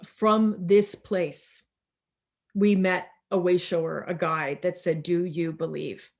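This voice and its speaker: A woman pastor giving a slow, reflective sermon over a video call, repeating words and pausing for emphasis, a little tired. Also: on the low side, steady tone, gravelly, darkish tone.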